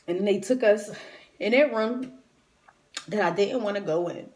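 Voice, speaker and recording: A woman's voice: mid-range voice, a little slow, pauses often, darkish tone. A woman retelling a personal story in a raw, emotional, conversational way, grieving and near tears. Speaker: vlogger.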